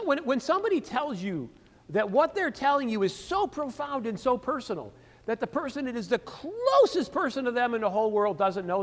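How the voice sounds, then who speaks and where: Animated male sales trainer in a hall. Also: very high voice. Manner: animated, rhetorical questions and answering himself. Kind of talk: seminar lecture.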